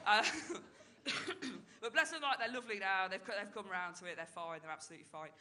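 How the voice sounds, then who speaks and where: A woman's voice: medium pitch, fairly quick, sharp tone. A woman in her thirties performing a chatty stand-up comedy set, tagging her lines with "right?" and "like". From Britain. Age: 30s.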